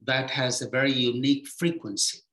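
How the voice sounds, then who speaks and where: A man in a mid-pitched voice gives an unhurried spiritual teaching. He explains patiently and lets his phrases sink low and quiet at their ends. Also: fairly even intonation. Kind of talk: reflective spiritual talk.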